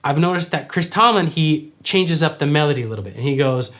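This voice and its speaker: A man teaching worship vocals, explaining clearly and singing short examples. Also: on the high side, lively intonation, fairly quick, a bit bright. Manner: clear, instructive, demonstrates by singing. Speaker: vocal coach. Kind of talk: vocal tutorial with sung examples.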